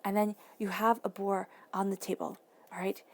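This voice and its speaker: A woman giving an intuitive tarot reading to camera, enthusiastic and gushing, dropping into soft breathy whispers for emphasis. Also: mid-range voice, little pitch movement, moderate pace, a little hiss or hum. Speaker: tarot reader.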